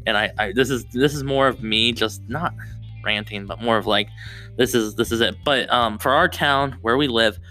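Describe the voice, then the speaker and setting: Bright-voiced young man rambling on his podcast. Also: mid-range voice, moderate pace, faint music behind. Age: young adult. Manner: rambling, self-interrupting, restarts often. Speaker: podcast host. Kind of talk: solo podcast chat. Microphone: close podcast mic.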